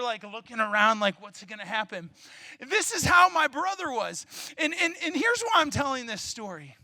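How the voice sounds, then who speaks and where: A male pastor preaches with animated storytelling and breaks into loud bursts. His voice sits very high and bright. The sound is close and dry. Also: dry recording. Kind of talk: sermon.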